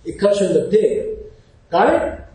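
A man giving an informal, animated lecture, often pausing to check in with his class. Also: sits high. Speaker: teacher. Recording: very echoey room.

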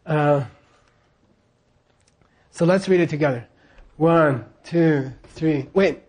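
Slow-talking male teacher checking in with his class. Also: a little high, darkish tone. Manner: leads call-and-response repetition. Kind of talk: classroom lecture on scripture.

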